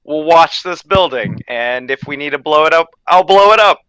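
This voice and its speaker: A man's voice: on the high side, expressive, moderate pace, pushed and bright, clear, resonant tone, dry recording, rough recording. A man playing a tabletop game, speaking in character in a cheerful, brash way. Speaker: player.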